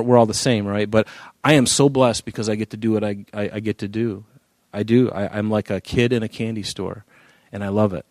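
A man's voice: on the low side, darkish tone, no room sound. A man preaching and teaching through a Bible chapter in a conversational way, with frequent fillers and restarts, lifting his voice when he reads scripture aloud. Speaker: pastor.

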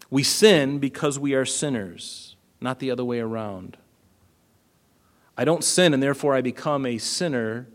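A man preaching a sermon in a conversational way, asking his listeners questions and acting out the lines he quotes. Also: mid-range voice. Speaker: pastor.

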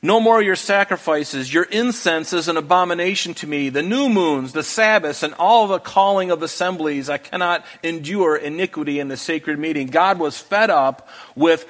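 A man's voice: on the high side, moderate pace, hardly any pauses, a bit bright. A man giving a verse-by-verse Bible teaching and reading scripture aloud with emphatic rises.

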